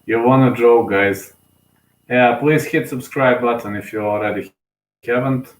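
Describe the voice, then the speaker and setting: A man's voice: medium pitch, measured pace, reverberant, poor audio. A young man, giving casual solo live commentary on a fight, emotional and rambling, full of fillers and restarts, sleepy.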